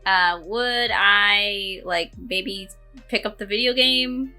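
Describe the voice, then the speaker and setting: A woman co-hosting a casual anime podcast, making dry, wry remarks in relaxed talk. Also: mid-range voice, takes it slowly, soft background music. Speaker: podcast co-host. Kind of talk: casual chat.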